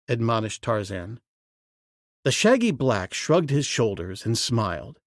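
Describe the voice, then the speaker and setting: A male audiobook narrator with a lively, swinging pitch and a slow, measured pace. His voice sits a little high, and the recording is close and dry. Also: dry recording. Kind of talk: scripted narration.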